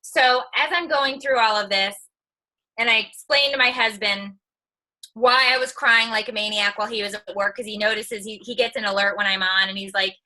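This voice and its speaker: Bright, sharp-voiced woman telling candid stories. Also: mid-range voice, steady tone, moderate pace, rough recording. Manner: candid, chatty storytelling with humor. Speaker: online video creator and mom. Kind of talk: live-streamed motivational talk. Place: live video stream.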